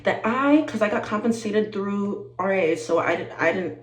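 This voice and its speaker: A woman in her twenties chatting to camera, animated and talkative, calling her viewers y'all and growing teary-eyed. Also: medium pitch, moderate pace, reverberant, poor audio. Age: 20s. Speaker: vlogger. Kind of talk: casual chat to camera.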